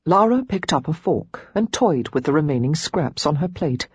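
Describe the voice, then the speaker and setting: A woman reading a romance novel aloud as an audiobook narrator, giving each character a pitch and tone of their own. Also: lively intonation, normal speed, few pauses, slightly rough, dry recording.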